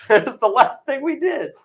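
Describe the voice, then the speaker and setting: A man's voice: extremely high pitch, lively intonation, a little slow, fairly bright tone. A man co-hosting a livestream, bantering playfully and laughing as he denies cheating. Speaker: livestream co-host. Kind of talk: casual chat.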